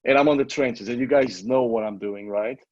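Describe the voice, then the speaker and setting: A middle-aged man with a foreign accent and a husky, slightly rough voice coaches an online class with blunt, repetitive emphasis. His voice is dry and close, with no room around it. The audio is dull and lo-fi. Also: mid-range voice, normal speed, a little mellow, no room sound. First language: not English. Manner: emphatic, repeats himself, swears casually. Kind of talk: motivational live coaching talk.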